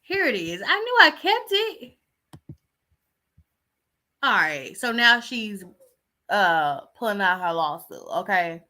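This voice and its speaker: A woman's voice: mid-range voice, big pitch swings, slow pace, long pauses, pushed and bright. A woman hosting a casual gossip talk show, chatty and rambling as she searches for things while talking. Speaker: podcast host.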